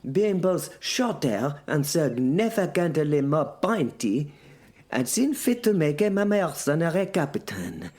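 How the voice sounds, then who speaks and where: Dry deadpan guy narrating a comic drama, takes his time, voice swoops up and down a lot. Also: fairly high pitch. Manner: dry, deadpan, sardonic storytelling. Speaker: narrator and lead voice of an audio serial.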